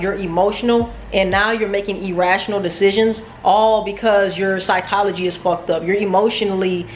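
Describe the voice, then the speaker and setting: A woman's voice: medium pitch, reverberant, a little hiss or hum. A woman telling a casual, profane, self-mocking story about her day trading. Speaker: trading vlogger.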